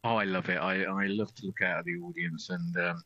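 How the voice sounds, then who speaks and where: A man's voice: low-pitched, little pitch movement, a little fast, pushed and bright, breathy edge, dry recording. A middle-aged man with an English accent, chatting as a radio guest about amateur acting, self-deprecating and full of restarts. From England. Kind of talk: casual radio chat. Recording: dull lo-fi radio sound.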